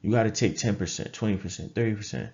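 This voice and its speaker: A man's voice: lowish voice, quick pace, darkish tone, lo-fi sound. A man who is a nurse and trading coach gives a motivational talk to camera. He is emphatic and repeats phrases for effect.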